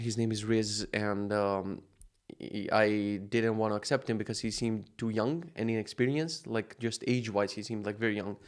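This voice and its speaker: A man in his thirties with a Macedonian accent, talking casually in a rambling, profane daily vlog with animated bursts. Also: medium pitch. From North Macedonia. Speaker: vlogger, software founder.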